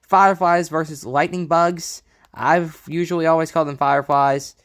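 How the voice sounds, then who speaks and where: A man's voice: on the high side, fairly even intonation, moderate pace, fairly bright tone. A man from Texas giving casual, easygoing commentary as he thinks aloud, joking at his own expense. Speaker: vlogger. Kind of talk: casual commentary over maps.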